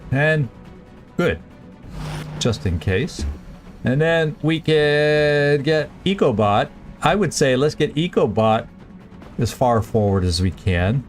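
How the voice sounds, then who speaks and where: A man's voice: medium pitch, lively intonation, faint music behind. Man thinking aloud over a strategy game. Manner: thinking aloud, halting restarts, planning moves. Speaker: gameplay streamer. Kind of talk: casual let's-play commentary.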